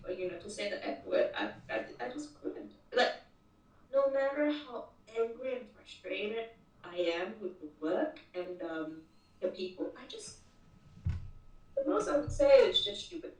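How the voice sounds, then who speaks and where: A woman's voice: a little high, big pitch swings, unhurried. A woman as an interview guest, telling a work story in casual talk and often repeating words as she starts sentences. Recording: roomy echo, distant mic.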